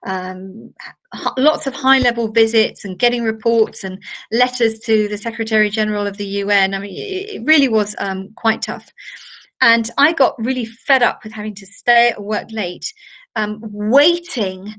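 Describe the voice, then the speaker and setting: Older woman workshop trainer, slightly high voice, chatty anecdotal delivery. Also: moderate pace, a bit bright. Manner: chatty, anecdotal, with fillers and laughs. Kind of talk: online masterclass talk.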